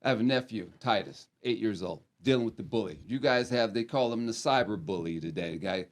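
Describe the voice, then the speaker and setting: A man's voice: fairly low pitch, brisk. A middle-aged American man telling loose, profane stories as a podcast guest, trailing off and restarting his sentences. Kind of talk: loose rambling storytelling.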